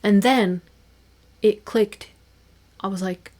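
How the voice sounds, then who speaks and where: A young woman talks through her solo podcast in a loose, chatty way, full of fillers and little laughs. Her voice sits at an ordinary middle pitch, and she stays animated throughout. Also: extremely slow, long pauses. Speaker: podcast host. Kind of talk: casual solo podcast chat.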